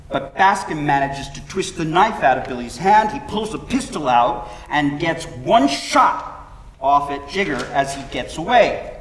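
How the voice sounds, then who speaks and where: Slow, high-voiced male stage narrator. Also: far from the mic. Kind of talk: live stage narration of a musical. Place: concert hall. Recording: roomy hall with faint noise.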